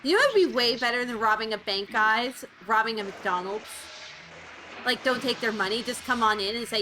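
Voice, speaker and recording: A woman streamer with a somewhat high voice talks to her chat in a loose, excitable ramble. She fills her sentences with "like" and little exclamations of "oh, shucks." Loud music runs under her voice. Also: fairly quick, rough recording. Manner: chatty, excitable, peppered with "like" and "oh, shucks". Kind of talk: casual chat while watching trailers. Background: trailer and game music.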